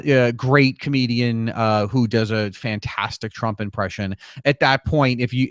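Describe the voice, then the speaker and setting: A man's voice: medium pitch, no echo, clean studio sound. A man co-hosting a podcast, thinking aloud in casual, analytical chat with frequent restarts. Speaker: podcast co-host.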